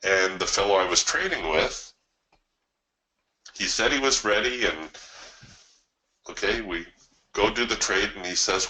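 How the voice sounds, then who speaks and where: Unhurried and given to long pauses, a man with a fairly low, sharp-toned voice runs a live trading webinar, explaining his method in a chatty way and sharing stories. The recording is rough.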